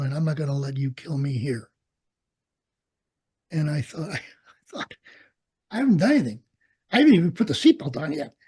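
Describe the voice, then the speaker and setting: Interviewed for an oral history, a Vietnam veteran pilot from the United States, now an older man, tells lively stories of his flight training. His relaxed, husky voice runs a little high, and he laughs frequently while performing the dialogue he quotes.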